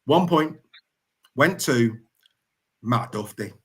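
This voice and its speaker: A man hosting a casual sports chat show, jokey and animated, laughing often. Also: mid-range voice, takes it slowly, breathy edge. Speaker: podcast host.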